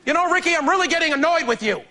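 A man's voice: very high voice, lively intonation, very fast, sharp tone, voice pushed up, heavily acted. A man acting out his zealously religious older brother as he loses his patience and scolds him. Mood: annoyed scolding. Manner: exasperated, scolding.

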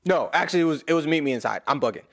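A man's voice: on the high side, expressive, racing, vocal fry, a bit bright. A man giving casual reaction commentary as a YouTuber, rambling, correcting himself and adding humorous asides.

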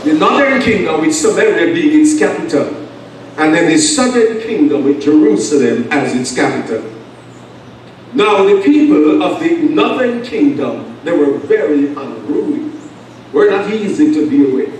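High-voiced Antiguan preacher in echoey church. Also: male voice, expressive, slight background noise. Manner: emphatic preaching with call-and-response and long pauses. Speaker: pastor. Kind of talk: sermon. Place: church sanctuary. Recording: echoey church sound from far off.

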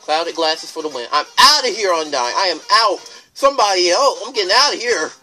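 Let's player, gameplay commentary, excitable, jokey, lively, bright. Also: medium pitch, brisk, soft background music.

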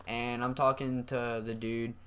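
Young man, casual storytime, profane, rambling, filler-heavy, mid-pitched voice. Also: level tone, unhurried, a bit bright, clean tone. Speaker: vlogger.

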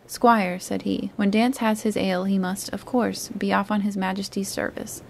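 A woman reading a classic adventure story aloud in a calm, soothing voice, lightly lifting her tone for the characters' speech. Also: mid-range voice, vocal fry. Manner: soft and soothing, gently voicing the characters. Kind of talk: calm bedtime read-aloud.

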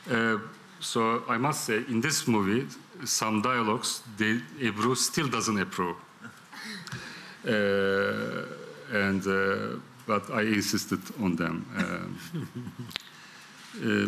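A man with a Turkish accent, a film director answering at a press conference in halting English, full of fillers and laughing often. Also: fairly low pitch, steady tone, creaky, a bit bright, slight background noise.

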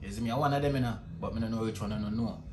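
A man's voice: lowish voice, racing, very noisy. A Jamaican man chatting casually as a family vlogger, talking to viewers at home and often checking in with a repeated "you see me?". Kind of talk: casual vlog chat. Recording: echoey room with music behind.

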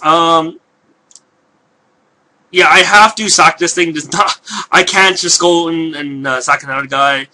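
A man giving casual live commentary on a video game he is playing, hoarse from losing his voice, talking in a rambling, hesitant way full of fillers and restarts. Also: on the high side, steady tone, unhurried, long pauses, bright, forceful tone.

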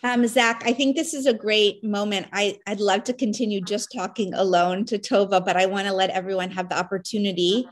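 A woman hosting an interview over a video call, asking measured, curious questions. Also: mid-range voice, fairly even intonation. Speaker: host.

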